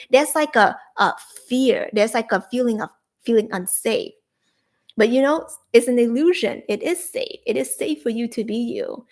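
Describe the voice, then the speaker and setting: A young adult woman with a slightly high voice hosts a spiritual coaching livestream. She talks viewers through soothing, repetitive affirmations in a gentle, encouraging manner. Now and then she breaks into bright, excited bursts of energy. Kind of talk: live-streamed coaching talk.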